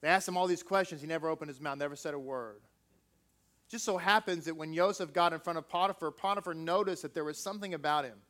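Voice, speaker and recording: Male preacher, high voice, emphatic, peppers the sermon with rhetorical questions. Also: fast talker, fairly bright tone.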